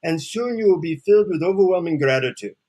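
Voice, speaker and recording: A man voicing a calm, wise male Indian guru with an Indian accent, speaking slowly and solemnly. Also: fairly high pitch, pitched above the performer's own voice.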